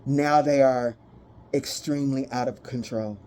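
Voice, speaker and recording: A woman's voice: a bass voice, steady tone, measured pace, warm tone, slight background noise. A woman giving a casual spoken tarot reading, talking bluntly and animatedly, with frequent swearing. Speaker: tarot reader.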